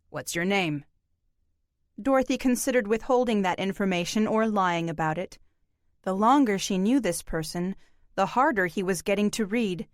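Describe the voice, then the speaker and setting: A woman narrates an audiobook from a script, reading evenly and in a measured way. Her voice is medium in pitch, and the recording is dry and clean, with studio sound.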